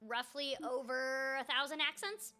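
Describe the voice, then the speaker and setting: A woman's voice: high voice, steady tone, a little slow, pushed and bright. A woman voice actor streaming a video game, chatting casually and animatedly with frequent ums and self-mocking asides. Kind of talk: casual gameplay chat.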